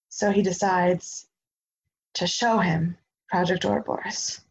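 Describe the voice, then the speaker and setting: A woman's voice: mid-range voice, little pitch movement, lo-fi sound. Chatty woman recapping a show. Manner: chatty, quick asides, acts out quotes. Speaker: podcast co-host. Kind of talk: casual recap chat.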